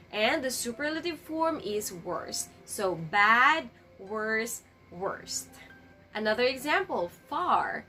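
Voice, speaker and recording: A fairly high-voiced woman explains grammar rules at a slow, careful pace. She leans on each example word so that learners can follow. Soft music plays faintly underneath. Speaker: English teacher. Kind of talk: grammar lesson.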